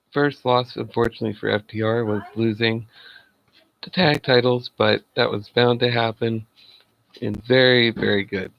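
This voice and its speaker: A man's voice: fairly low pitch, vocal fry, lo-fi sound. A man giving a casual solo review of a wrestling show, chatty and laughing at his own jokes.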